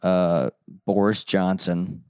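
A man's voice: low voice, flat delivery, slow, a little mellow, clear, resonant tone, no echo, clean studio sound. A young man in casual chat, joking and mocking himself while reciting lists.

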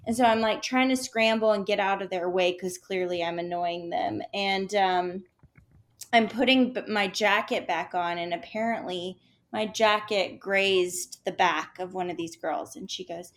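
Woman, young adult, casual storytelling, animated, acts out quotes, many fillers. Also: mid-range voice, normal speed. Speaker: podcast co-host.

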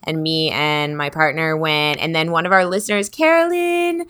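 A woman's voice: low voice, moderate pace, background noise. A woman co-hosting a podcast, chatting casually in a bubbly way with lots of fillers and laughs. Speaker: podcast co-host.

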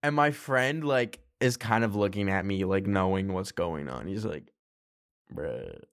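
A man's voice: on the low side, moderate pace, no room sound. Young man telling a story, dry sound. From Canada. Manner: animated, laughing, casual swearing. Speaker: vlogger. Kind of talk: casual storytelling.

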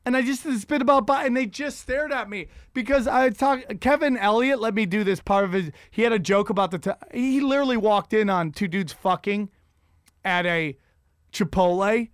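A man's voice: high-pitched, normal speed, clear, resonant tone, no echo, studio quality. A man telling rambling, profane stand-up stories on a podcast, with frequent restarts. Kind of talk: casual profane storytelling.

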